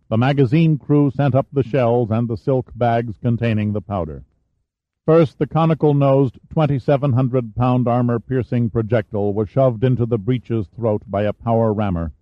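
A man narrates an audiobook in a steady, measured voice of middle pitch. The sound is dull and muffled at the top, and completely dry, with no room at all. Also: dry recording. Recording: dull dry studio recording.

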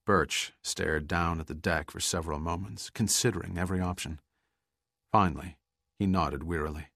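A man narrating an adventure audiobook in a measured, dramatic way. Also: low-pitched, a bit bright, no echo, clean studio sound. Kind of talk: scripted narration.

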